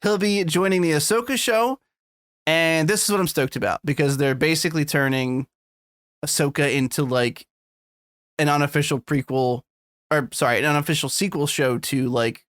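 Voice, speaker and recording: A chatty man co-hosting a podcast, his voice pitched a little above the usual for men. He talks casually, laughs easily and swears freely. The sound is dry and close, with no room around it. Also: moderate pace, fairly bright tone, dry recording. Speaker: podcast co-host. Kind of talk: casual chat.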